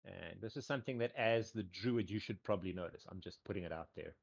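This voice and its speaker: Low male game master, rambling and casual, over a call with dull lo-fi audio. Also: fast talker, creaky. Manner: rambling, full of "um" and repeated "cool". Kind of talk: casual tabletop game narration.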